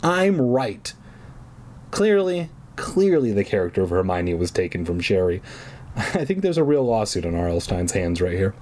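A man's voice: deep voice, big pitch swings, normal speed, darkish tone, slight background noise. A man reading a children's book aloud for laughs, breaking off into irreverent, crude asides. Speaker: reader.

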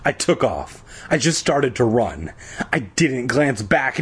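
Man, slow husky storyteller, sarcastic and profane asides. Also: medium pitch, sing-song. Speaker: reader. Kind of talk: comedic book reading with crude asides.

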